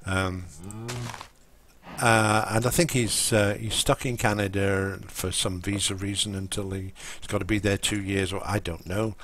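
A man's voice: sits low, fairly even intonation, measured pace, fairly bright tone, slight background noise. A man chatting casually and rambling while he plays a game on a live stream. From England. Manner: rambling, full of ums and restarts.

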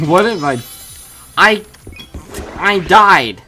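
An excitable woman with a low voice talks through a video game at an unhurried pace, her pitch swinging widely between mutters and sudden yelps. She speaks into a desk microphone, and faint game music plays behind her. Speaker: gaming channel host. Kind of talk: gameplay commentary. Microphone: USB desk microphone.

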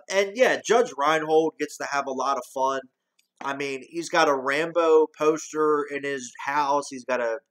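A man's voice: mid-range voice, fairly bright tone. A man giving a casual, rambling movie review, talking loosely, restarting often and swearing now and then.

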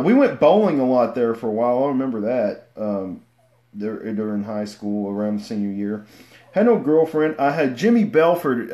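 Man, 30s, mid-pitched voice, rambling casual storytelling, fillers and restarts, sudden shouts, home webcam mic. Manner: rambling, self-deprecating, many fillers and restarts; bursts into loud shouts when acting out stories. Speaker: vlogger.

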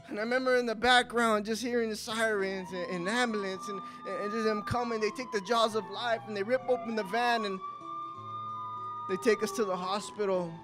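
Young guy w a really high voice telling his story live, gets loud then drops quiet, bit of guitar in the back. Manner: emotional storytelling, voice rising in tense moments and dropping low in sad ones. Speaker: speaker giving a testimony. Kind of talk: live spoken testimony. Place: coffee house stage.

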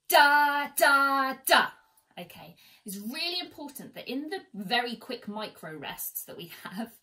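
Seated at home, a woman with a medium-pitched, slightly bright voice teaches an online violin lesson, chatty and encouraging as she counts her students in. The recording is low quality, with a violin playing faintly in the background.

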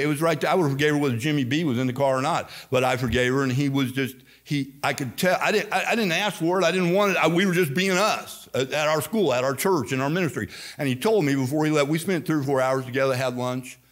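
Emphatic older pastor preaching. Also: male voice, mid-range voice. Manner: storytelling, emphatic, repeats phrases. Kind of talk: sermon. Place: church sanctuary.

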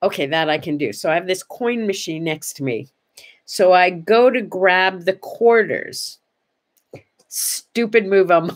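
A woman hosts a casual morning vlog and tells her stories with lots of animation. She acts out each exchange, and her voice sits at an ordinary middle pitch. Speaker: host.

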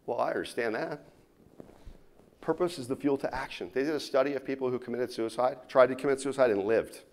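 A man giving a motivational keynote to a live audience, telling stories and swinging between loud punches and quiet asides. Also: medium pitch, a little fast. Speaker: keynote speaker. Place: conference room before a live audience.

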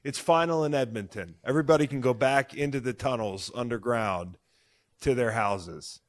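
A man in his thirties hosting a podcast, talking in excitable, profane, jokey banter. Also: medium pitch, normal speed. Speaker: podcast host. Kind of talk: casual chat.

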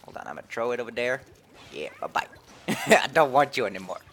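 A man streaming a video game live, chatting playfully and excitedly. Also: medium pitch, quick pace, soft background music. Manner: playful, excitable, switching between English and French. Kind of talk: casual live-stream commentary.

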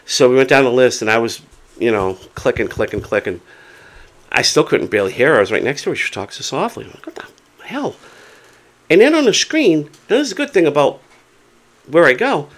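A hard-of-hearing man casually retelling a doctor's visit to camera, animated and quoting people as he goes. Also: medium pitch, quick pace. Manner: animated retelling with acted quotes. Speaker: vlogger.

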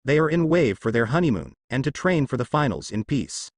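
Man reading a gruff, scowling swordsman. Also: medium pitch, sing-song, fairly quick, no room sound. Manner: grunting, curt. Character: gruff grown male swordsman, scowling and curt.

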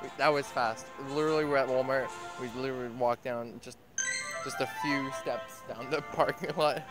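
An excitable man talks casually into a phone as he walks outdoors, cursing freely. His voice sits at an ordinary pitch. Loud music plays behind him. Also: normal speed. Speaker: vlogger. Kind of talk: casual gameplay commentary while walking. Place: outdoors walking around town.

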